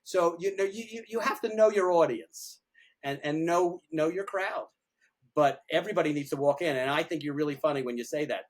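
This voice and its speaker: An older man, a retired dentist, talking casually in an interview, rambling and animated, often repeating words and restarting. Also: fairly high pitch, brisk. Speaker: retired pediatric dentist, podcast guest.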